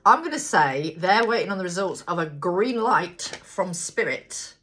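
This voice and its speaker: Lively, blunt woman doing tarot. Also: fairly low pitch, unhurried, slight background noise. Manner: chatty, blunt, swears freely; thinks aloud, talks to viewers. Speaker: tarot reader. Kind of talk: casual tarot card reading.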